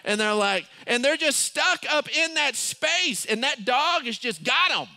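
A man with a high, bright, ringing voice preaches a sermon. He tells stories in a lively way, acts out quoted lines, and now and then pushes his voice up to a shout. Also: a little slow. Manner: storytelling with lively acted quotes and rising, shouting peaks. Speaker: pastor.

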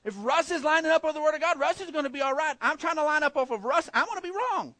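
A middle-aged male preacher giving a sermon, telling stories with energy, swinging from loud emphasis to hushed, low passages. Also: quick pace, dry recording.

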